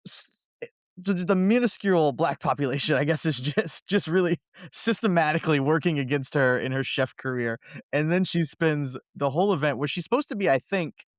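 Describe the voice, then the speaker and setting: A man's voice: on the high side, a little fast, no room sound, studio quality. A man from Kentucky co-hosting a podcast, telling wry, laid-back stories in casual chat. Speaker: podcast co-host.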